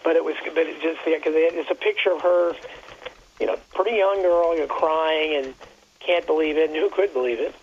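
On lo-fi audio with slight background noise, a man with a slightly high voice and fairly even intonation rambles through casual talk radio chat. He speaks haltingly, with many restarts.

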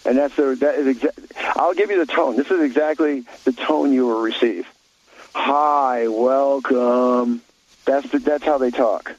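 A blunt, opinionated man holds forth on a talk radio show, rambling and restarting his sentences as he goes. His voice sits at a middle pitch. The sound is dull and lo-fi, like an old radio broadcast. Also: brisk, hardly any pauses, a little mellow, slightly rough.

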